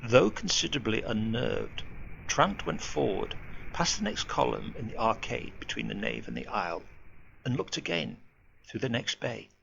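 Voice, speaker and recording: A man reading a ghost story aloud in a measured, expressive way. His voice is very gravelly with a bright, forceful edge. The home recording is dull and lo-fi, with a faint hum behind it. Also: medium pitch. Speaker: narrator.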